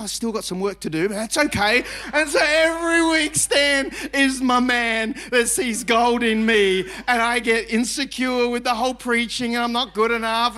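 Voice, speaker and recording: A middle-aged man preaching a lively sermon as pastor, emphatic and chatty, with repeated phrases and self-mocking asides. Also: very high-pitched. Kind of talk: energetic sermon.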